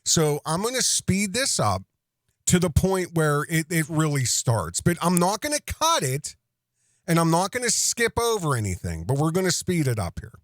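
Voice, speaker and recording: A man's voice: fairly high pitch, very animated, normal speed, dry recording, clean studio sound. A man hosting a reaction show who comments casually in an exasperated, profane way, often breaking off mid-sentence. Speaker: host reacting to a stream.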